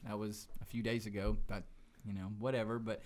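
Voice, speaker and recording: A man's voice: lowish voice, little pitch movement, darkish tone. Jokey man reading aloud. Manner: jokey, reads aloud haltingly. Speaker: podcast co-host. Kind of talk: casual chat.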